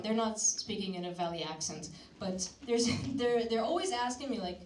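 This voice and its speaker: A young woman from Syria doing a crude, deadpan stand-up comedy set on a club stage, slipping into mocking put-on voices. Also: on the high side, moderate pace. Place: comedy club stage before a live audience. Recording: roomy club sound from a distance, loud crowd laughter.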